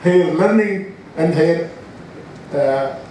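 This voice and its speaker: A man's voice: a little high, takes it slowly, darkish tone, a little hiss or hum. A man in his eighties with an Indian English accent, giving a rambling, anecdotal inaugural speech in a large hall, full of restarts and self-corrections. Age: 80s. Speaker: scientist giving an inaugural address. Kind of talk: informal speech. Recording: very echoey hall from far off.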